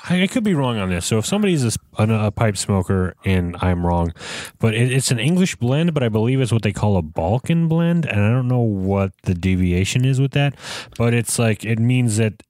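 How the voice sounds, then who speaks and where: Man from canada, podcast host, rambling casual chat, lively swooping pitch, dry close recording. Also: fairly quick, no room sound. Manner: chatty, rambling storyteller.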